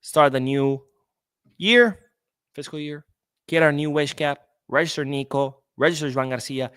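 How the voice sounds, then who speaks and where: A man's voice: fairly high pitch, unhurried, a bit bright, clean tone, no echo, clean studio sound. A young man hosting a casual sports podcast, reading out viewer comments and answering them bluntly, swearing freely as he gives his opinions. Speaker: podcast host.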